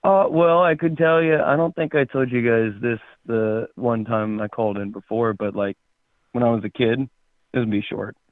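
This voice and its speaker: A man calling in to a show, chatting casually in a relaxed, jokey way. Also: mid-range voice, normal speed, dry recording. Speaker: caller. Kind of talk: casual chat. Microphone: phone. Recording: tinny phone line.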